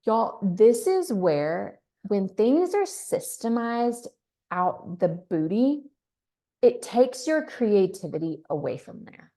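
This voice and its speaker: A woman's voice: medium pitch, sing-song, takes it slowly, mellow. A woman from Texas leading a team training, talking in an upbeat, chatty way and acting out sample scripts. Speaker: team leader. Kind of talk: training talk.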